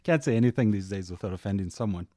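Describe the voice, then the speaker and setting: A man's voice: fairly low pitch, very fast, mellow. A man hosting a casual podcast interview, joking and rambling with frequent laughs. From Manitoba, Canada. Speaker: podcast host.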